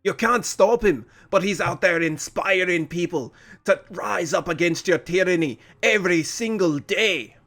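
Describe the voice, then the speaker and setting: Man doing a shouting, gruff old warrior dad. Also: very high-pitched, very animated, measured pace, pitched above the performer's own voice, exaggerated voice. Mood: furious. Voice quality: shouty, berating.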